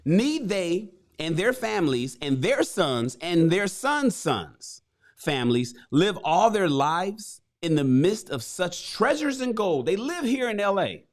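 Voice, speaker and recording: A man's voice: sits high, full character voice. A man voicing a frustrated working-class chariot builder, retelling a parable in profane street slang. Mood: exasperated.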